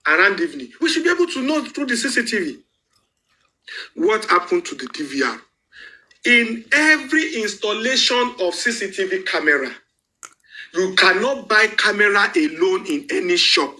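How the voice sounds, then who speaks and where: Nigerian male panel host, high and bright voice, emphatic and repetitive delivery with bits of pidgin. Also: sing-song, measured pace, poor audio. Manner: emphatic, repeats points, switches into pidgin. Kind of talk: live online panel commentary.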